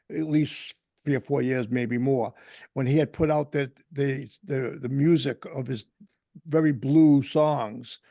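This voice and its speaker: A middle-aged man with a New England accent, a podcast host telling rambling, animated anecdotes in casual chat. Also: medium pitch, vocal fry, no room sound, studio quality.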